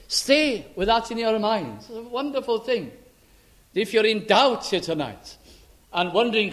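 A man preaching a sermon, quoting scripture slowly and emphatically and asking his listeners rhetorical questions. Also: high-pitched, expressive, a bit bright.

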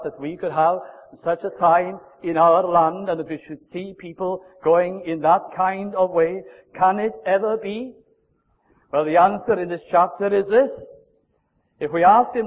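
A man's voice: high-pitched, normal speed. Elderly man preaching fervently in a hall. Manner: fervent, rising to impassioned cries and sinking to hushed pleading. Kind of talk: sermon. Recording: muffled, reverberant hall recording.

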